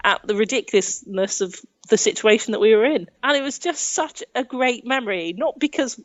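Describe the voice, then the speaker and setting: On a lo-fi recording with no echo, a young woman from England talks fairly quickly in a slightly high voice. As a podcast guest and adventurer, she tells travel stories casually in an interview, laughing often and acting out people's words.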